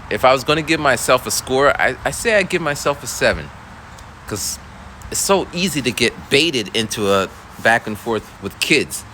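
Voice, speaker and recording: Animated man rambling with bright voice. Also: mid-range voice, a little hiss or hum. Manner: rambling, animated, with many restarts and voiced quotes. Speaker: school teacher. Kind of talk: casual storytelling monologue.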